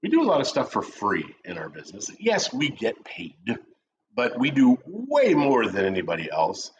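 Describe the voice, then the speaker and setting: A man's voice: medium pitch, huge pitch swings, moderate pace, background noise. A middle-aged man co-hosting a casual coffee chat, joking around and telling stories with lots of animation. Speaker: co-host of a real estate chat show. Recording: dull lo-fi stream audio.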